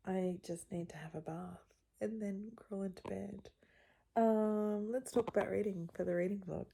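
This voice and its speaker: Gravelly-voiced chatty woman vlogger. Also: fairly low pitch, warm tone. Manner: chatty and rambling, with frequent little laughs. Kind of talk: casual vlog chat.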